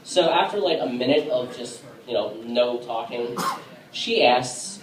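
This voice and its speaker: A man performing a casual stand-up set on a bar stage, with a halting delivery full of fillers. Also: medium pitch, expressive. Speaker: stand-up comedian. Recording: echoey room from a distance.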